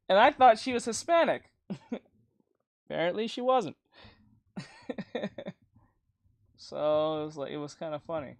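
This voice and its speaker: A man's voice: a little high, expressive, measured pace, vocal fry, long pauses, no echo. A young man with a boyish, youthful-sounding voice chatting casually on a livestream, rambling, laughing often and swearing freely.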